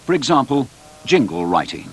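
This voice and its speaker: A man reading the scripted narration of a documentary in a measured, formal way. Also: medium pitch, very animated.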